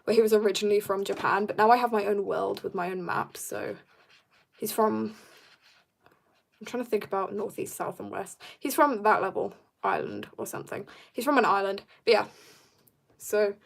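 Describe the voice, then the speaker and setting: A woman's voice: medium pitch, normal speed, vocal fry. A young woman chatting casually while drawing on a livestream, bubbly and joking as she reads viewer comments. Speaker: art livestreamer.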